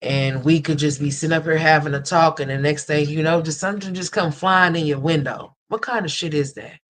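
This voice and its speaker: A livestream host talking straight to the chat in a loose, casual way. The voice sits at an ordinary middle pitch. It is blunt and salty one moment and sweetly affectionate the next, calling viewers honey and sweetheart. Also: a little fast, a bit bright. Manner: blunt and profane, switching to tender and emotional.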